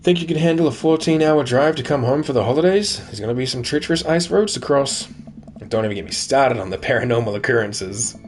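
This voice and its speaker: A man's voice: medium pitch, lively intonation, fast, a little hiss or hum, close to an everyday voice. A man reading a goofy, sentimental dad. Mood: fond. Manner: fond, jokey.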